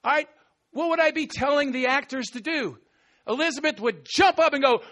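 A man preaching an animated sermon, acting out scripture quotes with sudden shouts and laughter. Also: very high-pitched, normal speed, a little hiss or hum.

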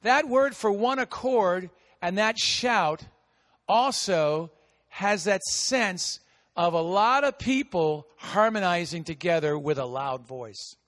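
A man's voice: high-pitched, lively intonation, slow pace. Big-voiced preacher man in a ringing hall. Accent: American. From United States. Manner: big voice that swings between shouting and hushed asides. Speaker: pastor. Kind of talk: sermon.

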